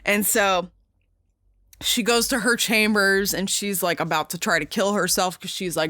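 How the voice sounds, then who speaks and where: A young woman hosting a podcast, casually and excitedly retelling a movie scene with lots of swearing and fillers. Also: medium pitch, normal speed, no room sound, clean studio sound. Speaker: podcast host.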